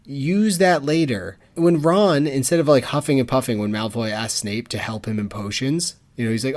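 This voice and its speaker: A man's voice: expressive, moderate pace, hardly any pauses, darkish tone. A man hosting a casual podcast with a mid-range voice, talking in a jokey, mocking way and breaking now and then into mimicry. He keeps the chat loose and teasing. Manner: mocking, jokey, acts out lines in high put-on voices. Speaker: podcast host.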